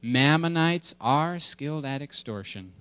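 A man voicing a weary, dry-witted cartoon father who mutters low and deadpan. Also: measured pace, smooth, dry recording.

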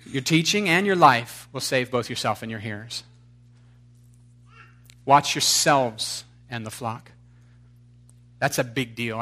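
A man preaching a sermon who moves from loud, fervent exhortation to quiet, confessional storytelling full of casual fillers. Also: mid-range voice. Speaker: pastor.

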